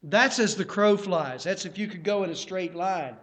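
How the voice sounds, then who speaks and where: A man's voice: sits high, normal speed, a bit bright. A man preaching a sermon in a plain, earnest teaching manner, often repeating himself.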